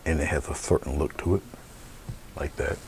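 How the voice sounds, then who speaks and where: A man teaching painting in a relaxed, chatty way, talking through his brushwork as he paints live. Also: extremely low pitch, moderate pace, noisy background. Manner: relaxed, chatty, thinking aloud. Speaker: painting instructor.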